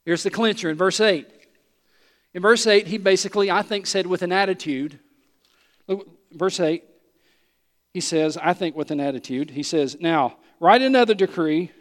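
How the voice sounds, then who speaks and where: A man preaching an expository sermon in an animated, emphatic, conversational teaching manner. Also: high-pitched, moderate pace, long pauses, in a large hall.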